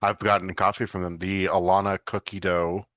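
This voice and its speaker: A man's voice: deep voice, little pitch movement, normal speed, fairly bright tone, dry recording, studio quality. A man co-hosting a soccer podcast in casual chat, easygoing and a bit tired, yawning now and then. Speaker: podcast co-host.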